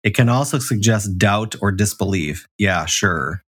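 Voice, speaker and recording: A man's voice: lowish voice, animated, a little slow, a bit bright, husky. A middle-aged man co-hosting a podcast, brash and profane, laughing often in casual chat. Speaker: podcast co-host.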